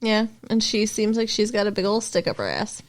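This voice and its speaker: A woman's voice: mid-range voice, sing-song, brisk. A woman co-hosting a casual chat podcast, blunt and teasing, who laughs often. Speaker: podcast co-host.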